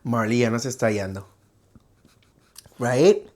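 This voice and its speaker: Young adult bilingual vlogger, casual, animated storyteller. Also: mid-range voice, moderate pace. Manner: animated and expressive, imitates ringing sounds. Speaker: vlogger host. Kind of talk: casual storytelling chat switching between Spanish and English.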